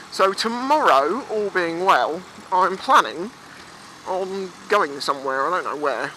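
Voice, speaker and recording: A bright, high-voiced guy in his twenties tells casual stories for his vlog outdoors on a motorbike along the seafront. He's chatty, swears freely and acts out quoted voices. The rough recording has faint road and engine noise.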